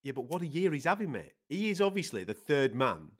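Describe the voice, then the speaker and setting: Lively, laughing podcast co-host. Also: male voice, a little high, brisk. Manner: animated, laughing, swears freely. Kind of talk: casual MMA chat.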